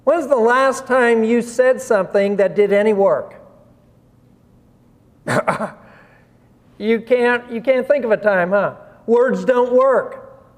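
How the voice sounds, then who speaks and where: A man with a very high voice delivers a sermon slowly and deliberately, posing rhetorical questions and chuckling between points. A long reverb makes his voice ring through what sounds like a big hall.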